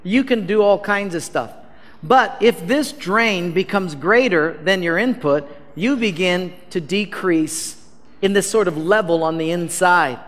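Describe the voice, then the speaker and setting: A man preaching as a pastor, telling a story with animated, self-mocking humor and acting out the dialogue. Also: sits high, measured pace. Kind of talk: storytelling sermon. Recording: reverberant hall.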